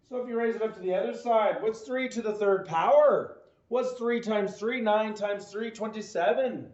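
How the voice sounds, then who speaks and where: A man's voice: high-pitched, brisk, a little mellow. A man teaching a math homework lesson, walking through problems step by step, quizzing the listener and adding playful jokes. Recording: echoey, dull lo-fi recording.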